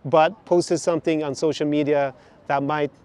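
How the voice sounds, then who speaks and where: A man with a slightly high voice talks through a video he is reacting to, critical and often sarcastic. His delivery swings between low asides and louder, pointed questions. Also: fairly even intonation, normal speed, smooth. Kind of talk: reaction commentary.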